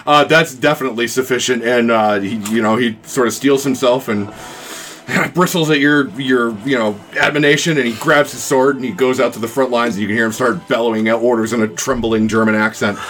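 A man running a tabletop game as game master, narrating scenes with frequent pauses and chuckles. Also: mid-range voice, slight background noise. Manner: relaxed, chuckling, frequent ums.

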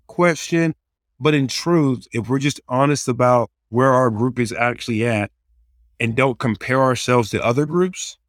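A man's voice: mid-range voice, no room sound, clean studio sound. A man in casual conversation, giving earnest, practical advice on leading a small group and acting out quoted prayers and kids. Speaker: youth ministry leader.

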